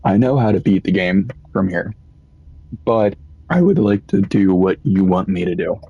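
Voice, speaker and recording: A man's voice: low voice, animated, normal speed, slightly rough, dry recording, phone-quality sound. A young man casually commenting while he plays, rambling through stories and swearing often. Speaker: gaming streamer.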